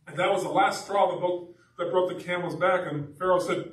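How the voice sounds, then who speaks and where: A man preaching a sermon as pastor, telling the story in a casual, animated way. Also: sits high, fairly quick. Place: church sanctuary. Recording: echoey church from a distance.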